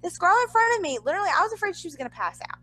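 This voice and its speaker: A woman co-hosting a casual chat, telling a story in an animated way with lots of fillers and asides. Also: very high-pitched, poor audio. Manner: animated, talks fast with frequent fillers and asides. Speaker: podcast co-host.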